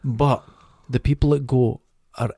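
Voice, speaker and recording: A Scottish man at a mid pitch tells rambling, jokey stories. His voice is close and dry, with no room sound around it. The chat is loose and casual, and he swears freely. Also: steady tone, measured pace, vocal fry, warm tone, slightly rough, no echo. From Scotland. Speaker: podcast co-host.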